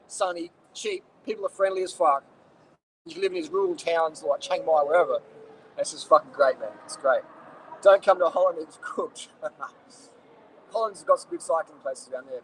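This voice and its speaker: A high-voiced man fires off blunt, swearing answers to viewer questions. He rants with plenty of profanity, and faint background noise sits behind him. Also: a bit bright, rough recording. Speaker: cycling vlogger.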